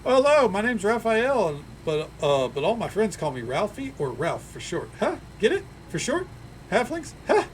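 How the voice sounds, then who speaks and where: A man's voice: high-pitched, wildly swooping pitch, normal speed, a little hiss or hum, pitched above the performer's own voice. A man voicing a cheerful, chatty male halfling tourist, bubbly and over-eager in a sing-song way. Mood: cheery.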